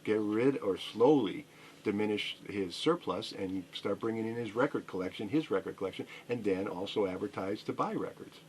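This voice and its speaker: A man's voice: on the low side, moderate pace, darkish tone, a little hiss or hum. A middle-aged man who owns a record store, a radio interview guest telling a rambling story full of fillers and restarts.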